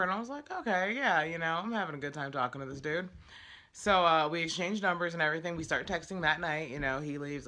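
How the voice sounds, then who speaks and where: A woman talks straight to her followers in a casual vlog. She sounds chatty and animated, and she gets exasperated as she retells her stories. Her voice is bright and forward, with a slight wear from a night of karaoke. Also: fairly low pitch. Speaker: vlogger.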